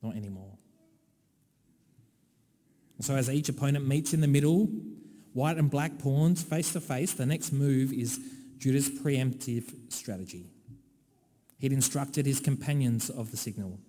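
A preacher from Australia gives a sermon in a relaxed, conversational style sprinkled with wry, dry asides. His mid-range voice is warm and mellow at a moderate pace, and a large hall's long reverb trails each phrase.

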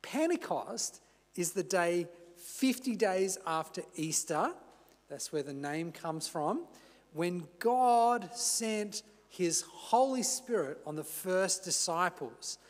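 A male pastor delivers a sermon at a slow, deliberate pace, his fairly high voice ringing out with a long church reverb. He speaks in a measured way, easing into casual asides now and then. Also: expressive. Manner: measured, unhurried preaching with a gentle conversational aside.

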